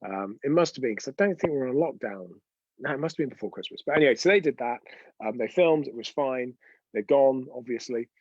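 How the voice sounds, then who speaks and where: A man's voice: medium pitch, lively intonation, a little fast, no room sound, muffled recording. A man hosting an unscripted live stream, telling chatty, rambling anecdotes with frequent restarts. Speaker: host of a weekly live show.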